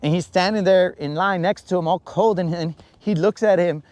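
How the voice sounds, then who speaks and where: Guy telling a goofy story on his bass fishing stream, kinda high voice, pitches up for quotes, dry sound. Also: moderate pace, darkish tone, dry recording. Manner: rambling anecdotes, acts out quotes in a higher voice. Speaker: fishing livestream host. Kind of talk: casual storytelling while fishing. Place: out on a lake, on a boat.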